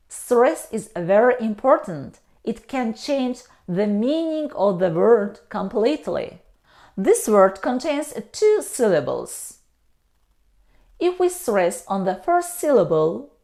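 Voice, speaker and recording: A woman gives a slow, careful pronunciation lesson, saying each word twice and then explaining it. Her pitch rises and falls a great deal, and she keeps an unhurried pace. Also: a little mellow. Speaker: English teacher.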